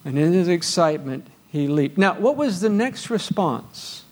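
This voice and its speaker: A man preaching a sermon as pastor, quizzing his congregation and lifting his voice high and loud as he reads scripture aloud. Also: expressive, unhurried. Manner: rises to loud exclaiming when reading scripture; asks the congregation questions.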